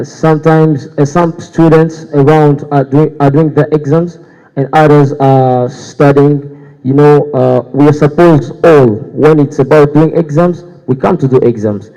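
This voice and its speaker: Young man, mellow dark voice, hesitant debate answers, echoing hall. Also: a little high, moderate pace. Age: young adult. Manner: hesitant, many fillers and restarts. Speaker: student guild candidate. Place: university hall. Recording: dull echoey hall sound.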